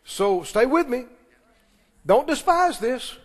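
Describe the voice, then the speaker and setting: A man preaching. His voice sits high for a man. The long reverb of a large church hall carries every phrase as he calls for answers from the pews. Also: very animated. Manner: preaching with call-and-response, quick asides and laughs. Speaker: pastor. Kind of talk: sermon. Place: church sanctuary.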